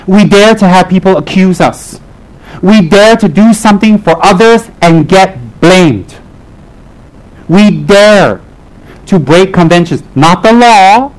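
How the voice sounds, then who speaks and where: A man giving a lively, joking Buddhist talk to a live audience, driving points home with repeated punchy lines. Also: high voice, poor audio. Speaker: Buddhist lama teaching his group.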